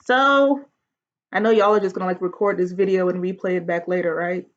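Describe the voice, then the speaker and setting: A woman's voice: on the low side, fairly even intonation, a little fast, muffled recording. A woman giving a casual lecture, chatty and slangy, often asking the class questions.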